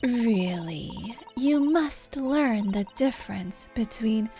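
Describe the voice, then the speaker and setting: A woman voicing a snooty, cruel noblewoman in a game, speaking slowly and scornfully, sometimes sinking to a whisper. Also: on the high side, expressive, mellow, faint music behind. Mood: sneering. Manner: slow, scornful, dropping to whispers.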